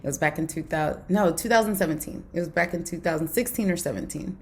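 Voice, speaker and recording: A woman's voice: fairly low pitch, fast, a little hiss or hum. A young adult woman hosting a casual book review, telling a story animatedly and acting out the quoted dialogue. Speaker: book club host.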